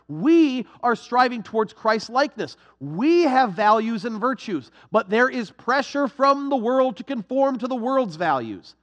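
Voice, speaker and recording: A young adult man preaching a sermon to his congregation, animated and sarcastic, with quick restarts. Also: extremely high pitch, in a large hall. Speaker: pastor.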